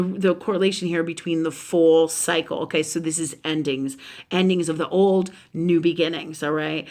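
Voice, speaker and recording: A woman spiritual teacher talking casually in a live stream, animated and profane, with many fillers and asides. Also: on the low side.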